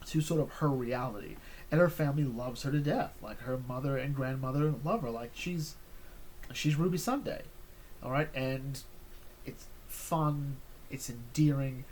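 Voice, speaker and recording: A man's voice: medium pitch, darkish tone, a little hiss or hum. Rambling man reviewing an episode. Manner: rambling, full of fillers and restarts. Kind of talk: casual review chat.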